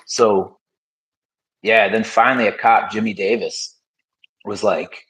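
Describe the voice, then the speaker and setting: A man's voice: lowish voice, steady tone, takes it slowly, fairly bright tone, slightly rough, poor audio. A man as a podcast guest, telling his story in frank, casual conversation with many fillers.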